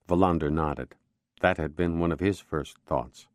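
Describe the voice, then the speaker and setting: Deep-voiced male audiobook narrator. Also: steady tone, unhurried, dry recording, studio quality. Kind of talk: scripted narration.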